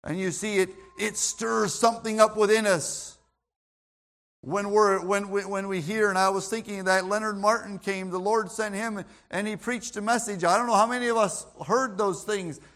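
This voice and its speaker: A man's voice: sits high, fairly even intonation, normal speed, a bit bright. A man preaching a sermon in an emphatic, repetitive way, often restarting his words.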